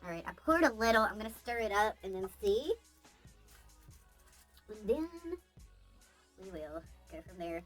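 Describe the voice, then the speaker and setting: A woman talks casually into the camera at home in a bright, clear voice. She rambles from one aside to the next, peppering her talk with fillers as she chats. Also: medium pitch, animated, measured pace, pauses often, soft background music. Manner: rambling, chatty, many "like"s and asides. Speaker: beauty vlogger. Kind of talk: casual chatty DIY vlog.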